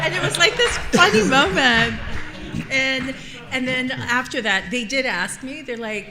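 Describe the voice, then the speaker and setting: A woman voice actress telling a lively story at a convention panel, laughing often. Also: sits high, unhurried, roomy sound, music in the background.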